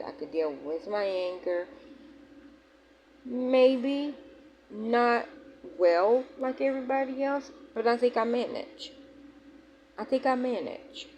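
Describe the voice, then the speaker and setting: A woman's voice: a little high, a little mellow, low-quality recording. Young woman, frank vlogger, emphatic with restarts, faint room hum behind. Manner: candid, emphatic, rambling with restarts. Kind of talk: personal vlog talking to viewers.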